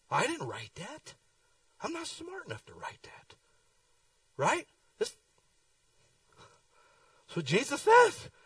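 A middle-aged man preaching a sermon, telling folksy stories with lively swings in his voice. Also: mid-range voice, no room sound, recorded from a distance, poor audio. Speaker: pastor. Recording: dry sound, speaker away from the mic.

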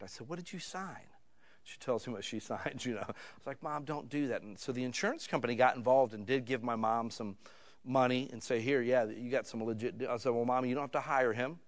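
A pastor in middle age, from the United States, relates a story about himself in a sermon, his voice sitting in the mid range. The tone is chatty, alternating between quiet asides and heated, loud moments.

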